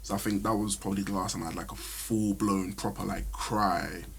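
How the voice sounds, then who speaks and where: Deep-voiced young man, reflective. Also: fairly even intonation, brisk, gravelly, a little hiss or hum. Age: young adult. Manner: reflective, hesitant, many fillers. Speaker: podcast guest, medicine student. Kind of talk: casual chat.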